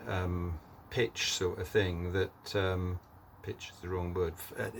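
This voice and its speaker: Man, very low voice, flat delivery, rambling workshop vlog, faint background hiss. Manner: rambling, many fillers and "sort of thing". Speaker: guitar builder vlogger.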